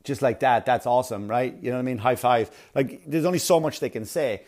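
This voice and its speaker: A man performing a rambling stand-up comedy routine, full of filler words and quick asides. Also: medium pitch, a little mellow. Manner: rambling, filler-heavy delivery with sudden breathy put-on voices.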